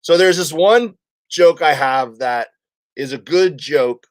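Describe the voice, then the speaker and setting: A man's voice: fairly high pitch, slow. A man from Florida, a guest comedian, telling a story in casual chat with plenty of fillers. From Florida, USA. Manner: rambling, filler-heavy storytelling.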